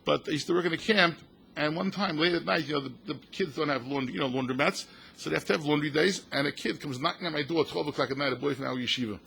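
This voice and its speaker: In a synagogue event hall with slight background noise, an older American rabbi talks fast in a gravelly, slightly high voice. His passionate storytelling is animated, with quotes acted out and Yiddish and Hebrew words woven in.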